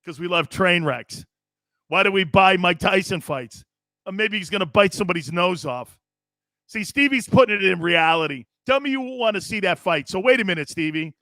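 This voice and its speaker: A man's voice: high voice, lively intonation, moderate pace, sharp tone, no room sound. A man hosting a sports talk show, brash and joking, laughing often as he reads viewer comments.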